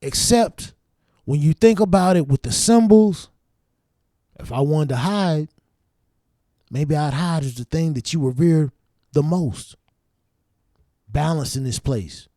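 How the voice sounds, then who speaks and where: A man hosting his own show, telling a story in a casual, profane, animated way and acting out his younger self's reactions. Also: on the high side, takes it slowly, pauses often, no room sound, studio quality. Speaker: show host.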